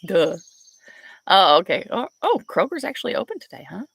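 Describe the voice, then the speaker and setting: Young woman, gravelly and husky, chatty storyteller, porch vlog with birds outside. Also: medium pitch, sing-song, measured pace, fairly bright tone, no echo. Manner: chatty, storytelling, laughs often. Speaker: vlogger. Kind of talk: casual chat with live viewers. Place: back porch outdoors.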